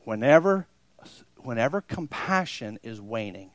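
A man's voice: mid-range voice, big pitch swings, measured pace, no room sound. A pastor preaching a sermon to his congregation, emphatic and repeating phrases for stress, often acting out his listeners' reactions. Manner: plays out imagined listeners' reactions. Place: church service before a congregation.

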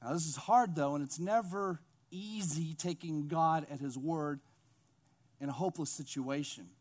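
A man's voice: fairly high pitch, moderate pace, a little mellow. A man preaching a sermon, retelling a Bible story with humorous asides and acting out its characters. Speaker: pastor.

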